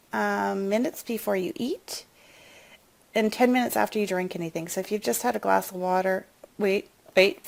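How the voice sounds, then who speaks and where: Gravelly-voiced middle-aged woman telling a story. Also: medium pitch, darkish tone, a little hiss or hum. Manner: emotional, confiding, then upbeat and chatty. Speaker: wellness product promoter. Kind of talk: personal story and product pitch.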